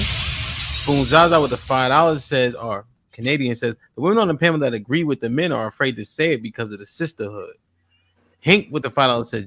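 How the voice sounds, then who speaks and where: A man hosting a livestream talk show, reading donor messages aloud quickly and asking guests direct questions. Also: medium pitch, fairly bright tone, dry recording. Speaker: livestream host. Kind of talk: casual chat, reading super chats aloud. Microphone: studio microphone.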